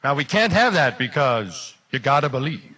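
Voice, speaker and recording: A man putting on the voice of a fervent male revival preacher, calling out slow, drawn-out exhortations to a classroom. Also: medium pitch, big pitch swings, bright, forceful tone, husky, exaggerated voice. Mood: exhorting. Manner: drawn-out, exhorting calls to believe.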